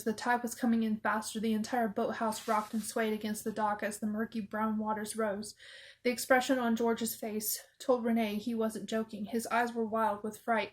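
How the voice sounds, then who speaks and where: A woman narrating a children's horror novel aloud in a steady, expressive storytelling manner. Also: fairly high pitch, poor audio. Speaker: audiobook narrator.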